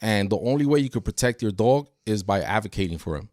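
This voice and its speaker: A man working as a dog trainer, chatting on a podcast and telling lively stories that act out dogs and people. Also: on the low side, fast, dry recording, studio quality. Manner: animated storyteller, acts out dogs and people. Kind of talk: casual podcast chat.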